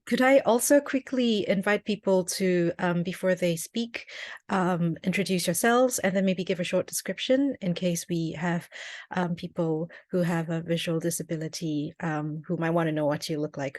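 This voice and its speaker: A woman with a lowish voice chairs an online forum. She speaks hesitantly, with frequent ums and restarts. Her sound is dry and close, with no room echo. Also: moderate pace, darkish tone. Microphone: video call microphone.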